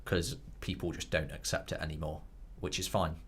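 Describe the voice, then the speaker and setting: A man's voice: extremely low pitch, little pitch movement, normal speed, a bit bright, breathy edge. A man co-hosting a film podcast, talking earnestly and restarting his sentences. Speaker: podcast co-host. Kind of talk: casual film chat.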